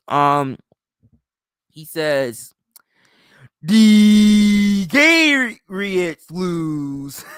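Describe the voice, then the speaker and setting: A man's voice: medium pitch, fairly bright tone, no room sound, clean studio sound. A sleepy man hosting a late-night livestream, rambling and ranting with plenty of swearing. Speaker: livestream host.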